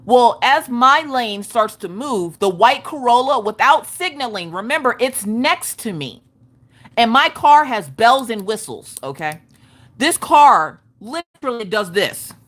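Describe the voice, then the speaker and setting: A woman in her thirties with a twang spins a story for her livestream chat. Her pitch swings up and down all the time, and she talks in a loud, emphatic way, often cursing. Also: a little slow. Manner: animated, profane, emphatic storytelling. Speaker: craft livestream host.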